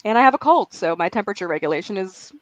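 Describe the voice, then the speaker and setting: A woman's voice: medium pitch, lively intonation, rapid-fire, muffled recording. A woman from California, chatting casually on a video call while she has a cold, in a lightly self-mocking tone. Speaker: writing group co-host. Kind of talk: casual chat.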